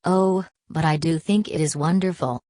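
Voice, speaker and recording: A man's voice: on the high side, fairly even intonation, moderate pace, mellow, no room sound, natural voice. A woman reading an audiobook, voicing a tipsy, giggling young man who squeals and hiccups. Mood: tipsy, gushing.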